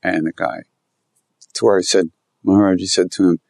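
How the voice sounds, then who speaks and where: Man, low voice, rambling animated storyteller, dry close sound. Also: brisk, gravelly, no room sound. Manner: rambling, animated, repeats himself. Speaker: guest telling stories about his teacher. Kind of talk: conversational storytelling.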